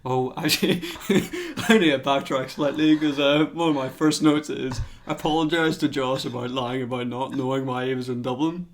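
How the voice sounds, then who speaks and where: A man's voice: mid-range voice, normal speed, hardly any pauses. A young man co-hosting a podcast, teasing his friend and laughing often in casual chat. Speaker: podcast co-host.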